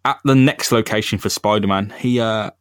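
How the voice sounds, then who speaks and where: A man's voice: on the low side, normal speed, smooth, no room sound, studio quality. A man co-hosting a casual comic-book podcast, laid-back and slangy, often slipping into silly voices. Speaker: podcast co-host.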